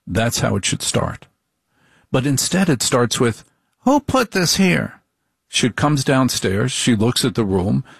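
A middle-aged man giving a comic monologue in a deliberate, repetitive, wry way. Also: medium pitch, vocal fry, breathy edge, dry recording, studio quality.

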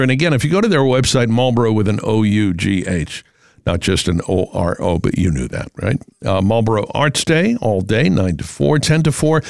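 Middle-aged New England man, chatty local radio host, dry close sound, gravelly. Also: medium pitch, no echo. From Massachusetts. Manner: rambling, chatty, with many fillers. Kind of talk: casual talk radio.

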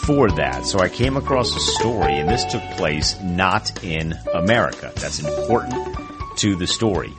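A man's voice: deep voice, lively intonation, moderate pace, over loud music. A man co-hosting a talk show, telling a story casually with wry asides. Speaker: co-host. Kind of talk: casual chat.

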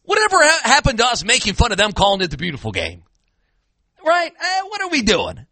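A man's voice: very high-pitched, huge pitch swings, fairly quick, sharp tone, dry recording. A man hosting a sports talk show, ranting in exasperation with frequent restarts. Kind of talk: casual sports talk rant.

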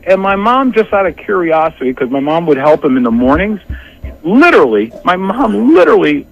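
A man in his sixties, a guest telling a family story in a rambling, animated way. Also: high-pitched, brisk, gravelly, highs cut off. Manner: animated, acts out family members' voices; rambling with many restarts and asides. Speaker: interview guest. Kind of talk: casual storytelling.

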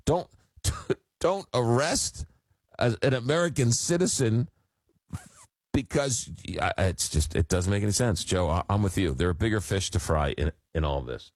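A radio talk show host, telling a rambling story full of fillers. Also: male voice, lowish voice, animated, normal speed, darkish tone, no room sound. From Long Island, New York. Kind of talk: casual call-in radio chat. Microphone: studio microphone.

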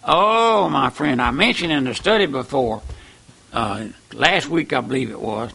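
A man preaching a fervent sermon, emphatic, with wide swings in loudness. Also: mid-range voice, lively intonation, measured pace, vocal fry, breathy edge.

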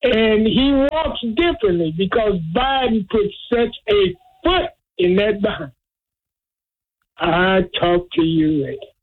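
A woman calling in, chatting casually and slowly. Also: medium pitch, very animated. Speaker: caller. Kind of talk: casual phone call. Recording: tinny phone line.

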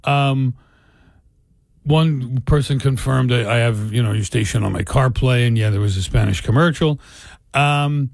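A man hosting a radio show, relaxed and reading out listener comments. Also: medium pitch, a little slow, creaky, no echo, clean studio sound. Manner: relaxed, reads listener comments, laughs easily. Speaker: radio host. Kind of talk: casual radio banter.

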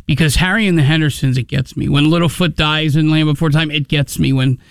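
A man's voice: on the high side, steady tone, brisk, vocal fry, smooth, no room sound, studio quality. A man hosting a call-in radio show, talking in an earnest, emotional, self-mocking way. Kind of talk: casual call-in radio banter.

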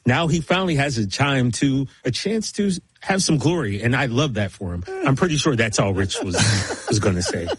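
A man co-hosting a sports talk show with a husky voice that swoops up and down as he talks. He teases the others and keeps the banter going. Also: medium pitch, normal speed. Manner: teasing, animated. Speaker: co-host.

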